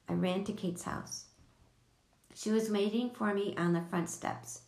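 Gravelly woman reading a storybook. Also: mid-range voice, fairly even intonation, a little slow, a little mellow. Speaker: audiobook reader. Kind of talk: storybook narration. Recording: echoey room.

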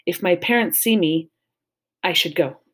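Woman reading as a friendly boy in a storybook, earnest, a little sheepish, plain low voice. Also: a little slow, fairly bright tone, breathy edge.

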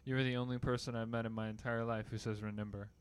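A young man in casual chat, telling stories in an animated way and swearing freely, his voice climbing and getting loud when he rants. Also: fast talker, clear, resonant tone. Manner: animated storyteller, swears, gets loud and high when ranting.

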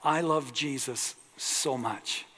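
A man's voice: medium pitch, slow pace, pushed and bright. A preacher voicing a fervent praising churchwoman. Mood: joyful. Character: joyful devout woman praising God in church. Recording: long echo of a large hall.

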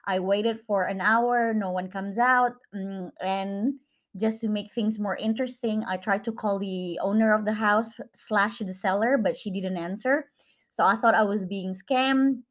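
A middle-aged woman casually telling a story at home, unhurried and hesitant with many fillers. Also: medium pitch, fairly even intonation. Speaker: guest, mother of the host. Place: family home.

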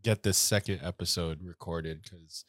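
Low-voiced guy with a stuffy nose rambling on a podcast, lots of "like", dry close sound. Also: steady tone, moderate pace, a bit bright, no room sound. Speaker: podcast co-host. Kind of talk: casual chat.

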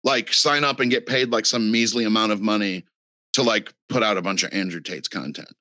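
A man's voice: lowish voice, brisk, sharp tone, no echo. A man talking in a casual podcast chat, rambling and profane with lots of fillers.

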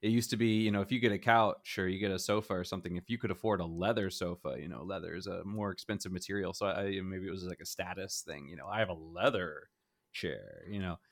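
A middle-aged man with a somewhat low voice chats casually about gaming gear. He rambles and hedges, circling back on his points and chuckling often. He sounds like a relaxed co-host. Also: quick pace, few pauses. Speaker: podcast co-host.

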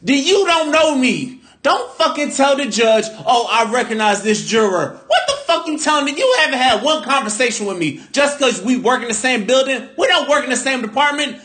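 Guy cohost telling wild stories, cussing a lot, high voice that jumps all over. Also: brisk, hardly any pauses. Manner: animated, profane storytelling. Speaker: podcast co-host. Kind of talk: casual chat.

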